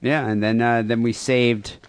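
A man's voice: medium pitch, flat delivery, a little slow, clear, resonant tone, no echo. A man co-hosting a crude podcast, reading listener emails and rambling sarcastically. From United States. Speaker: podcast co-host.

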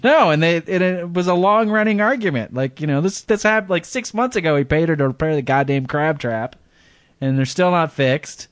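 A man's voice: a little high, fairly quick, no room sound. A man co-hosting a podcast in casual chat, rambling through a story and chuckling often. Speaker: podcast co-host.

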